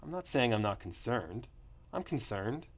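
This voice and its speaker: A man's voice: mid-range voice, big pitch swings, unhurried. A man voicing a crude, self-centered boss while reading a story aloud. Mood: irritated.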